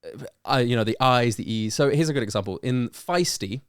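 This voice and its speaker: A man's voice: medium pitch, fast, a bit bright, clean tone, no room sound, clean studio sound. A British man, a guest rapper in a casual podcast chat, who explains things step by step and thinks aloud with hesitant fillers. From United Kingdom.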